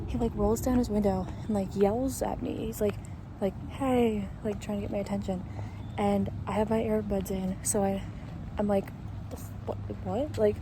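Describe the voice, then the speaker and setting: A woman's voice: mid-range voice, background noise. A woman in her twenties chatting casually to a phone camera, swearing freely and full of fillers. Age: 20s. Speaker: vlogger. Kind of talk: casual vlog chat. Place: outdoors walking, then indoors at home.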